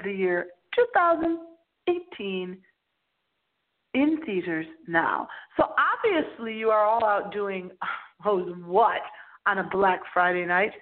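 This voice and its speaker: A woman hosting a late-night radio show, talking in a theatrical, playful, giggly way as she tells a story. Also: lowish voice. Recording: tinny phone line.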